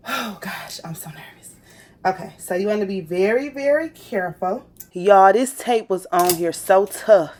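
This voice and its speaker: A woman hosting a crafting vlog, chatting to her viewers as she demonstrates a product, excitable and gushing. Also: mid-range voice. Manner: chatty, addresses viewers as y'all. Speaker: crafting channel host. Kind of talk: casual product demo vlog.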